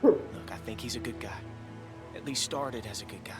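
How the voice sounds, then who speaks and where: A man's voice: medium pitch, moderate pace, lightly acted. An actor playing an earnest young male survivor in a video game, speaking carefully. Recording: game audio with music behind.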